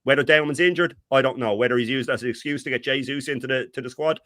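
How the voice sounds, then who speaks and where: A middle-aged man co-hosting a fan talk stream, ranting in an animated, exasperated way. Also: medium pitch, quick pace, no room sound, studio quality. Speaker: co-host.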